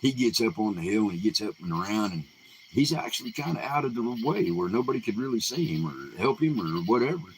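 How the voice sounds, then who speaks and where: A man casually retelling folk tales in an unhurried, folksy way, full of fillers and restarts. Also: lowish voice, very animated, slight background noise, poor audio. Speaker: live Q&A host. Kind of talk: casual oral storytelling.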